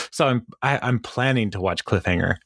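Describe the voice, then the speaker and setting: Easygoing low-voiced man chatting. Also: normal speed, creaky, fairly bright tone, no room sound, clean studio sound. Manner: easygoing, laughs often, hesitant fillers. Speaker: podcast co-host. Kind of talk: casual chat.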